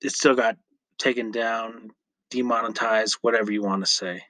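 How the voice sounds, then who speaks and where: A man hosting his own podcast in a casual, rambling solo chat, correcting himself often and filling pauses with ums and uhs. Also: lowish voice, steady tone, bright, forceful tone, no echo. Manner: rambling, chatty, self-correcting with frequent fillers. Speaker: podcast host.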